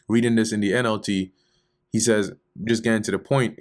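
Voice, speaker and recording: A man reading scripture aloud and explaining it in casual, slangy paraphrase during a relaxed Bible study. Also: fairly low pitch, a little fast. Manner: reads archaic verses, then explains them in loose slangy paraphrase.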